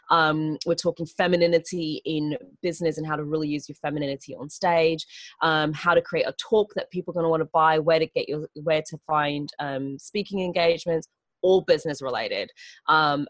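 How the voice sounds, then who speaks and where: A woman's voice: low voice, dry recording. A woman from the Turks and Caicos Islands with a mixed international accent, partly American and partly Australian, chatting as an interview guest. She is bubbly and theatrical and laughs often. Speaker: guest, event organizer. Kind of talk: casual interview chat.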